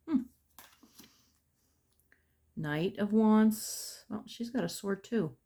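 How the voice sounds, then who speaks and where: A woman in middle age talks her way unhurriedly through a tarot deck, dropping to soft murmurs as she names each card. Her voice sits a little low, and she lingers over each picture with quiet admiration. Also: creaky. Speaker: tarot unboxing vlogger. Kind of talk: casual unboxing chat.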